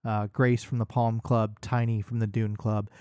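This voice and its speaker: A man's voice: on the low side, little pitch movement, moderate pace, darkish tone, smooth, no echo, clean studio sound. A man co-hosting a casual podcast, explaining details in a matter-of-fact way. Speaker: podcast co-host. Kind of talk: casual chat.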